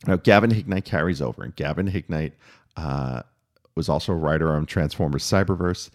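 A man talking through a spoken review, opinionated and measured, with frequent fillers and restarts. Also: extremely low pitch.

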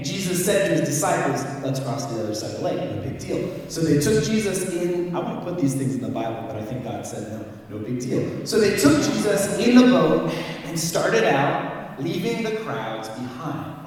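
A man's voice: medium pitch, darkish tone. A man, the worship leader, giving a conversational sermon. He reads scripture aloud and puts questions to the congregation. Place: church sanctuary. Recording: echoey hall, voice from far off the mic.

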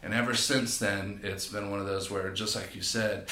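Man, low voice, casual podcast storytelling, animated, acts out quotes, echoey room. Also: moderate pace. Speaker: podcast guest, personal trainer.

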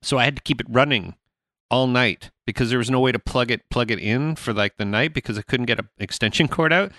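A man's voice: mid-range voice, a little fast, fairly bright tone, dry recording, studio quality. A man hosting a podcast, telling rambling stories in casual chat and laughing often. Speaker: podcast host.

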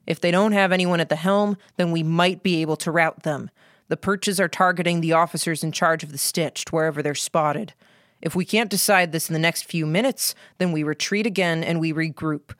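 A woman's voice: sits low, steady tone, normal speed, dry recording, studio quality, natural voice. A woman reading the part of a stern, calculating male military commander in an audiobook, giving clipped orders. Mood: commanding. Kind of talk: audiobook character voice.

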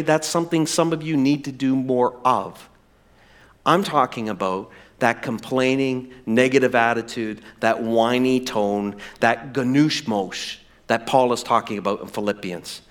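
Male pastor, high and lively voice, preaching with playful energy. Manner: animated, acts out whiny voices for effect. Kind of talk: sermon.

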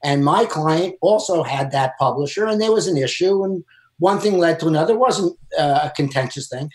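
Emphatic lawyer in an echoey room. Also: male voice, a little high, animated, a little fast. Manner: emphatic, advising. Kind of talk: panel discussion.

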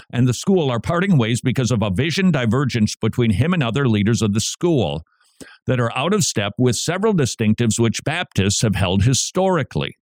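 Middle-aged male talk radio host, Minnesota accent, lively swooping delivery, dry close sound. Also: mid-range voice, dry recording. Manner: animated, jokey, restless asides.

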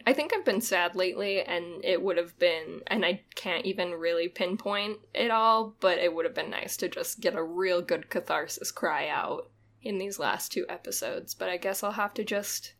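A young woman with a medium-pitched, slightly bright voice co-hosts a podcast. Her casual chat rambles, she's self-deprecating, and she laughs often.

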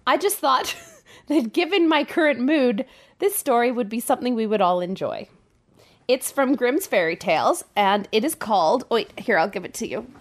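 A woman's voice: on the high side, expressive, moderate pace. A woman hosting a podcast, chatting casually with her mother and teasing her playfully. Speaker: podcast host. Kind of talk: casual chat.

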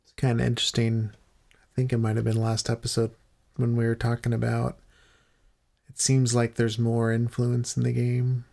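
A man co-hosts a gaming podcast, chatting loosely and halting as he restarts his thoughts. His voice is strongly gravelly, full of vocal fry, at a middle pitch. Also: completely flat delivery, warm tone. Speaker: podcast co-host. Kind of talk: casual chat on a gaming podcast.

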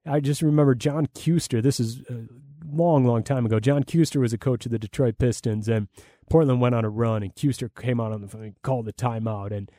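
A man's voice: medium pitch, fairly even intonation, a little fast, mellow, no room sound, clean studio sound. A man, a play-by-play broadcaster, answering interview questions in a rambling, enthusiastic way with many fillers and restarts.

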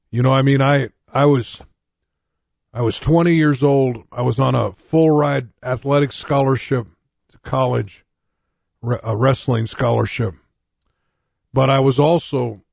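A man's voice: mid-range voice, creaky, a little mellow, no room sound. A man in his sixties, a pastor from North Dakota, giving his personal testimony in a sermon in a candid, conversational way, with frequent restarts and wry jokes at his own expense. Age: 60s.

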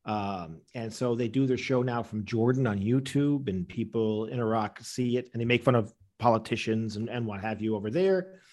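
A man's voice: medium pitch, normal speed, few pauses, a little mellow. A man answering interview questions with rambling anecdotes, acting out the people he quotes. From Canada. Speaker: interview guest, comedian.

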